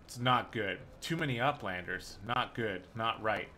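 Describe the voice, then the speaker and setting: A man's voice: lowish voice, unhurried, pushed and bright, a little hiss or hum. A man reading the lines of a wary, aged, rat-faced mongrel chief in a game, in short clipped sentences, without much of a put-on voice.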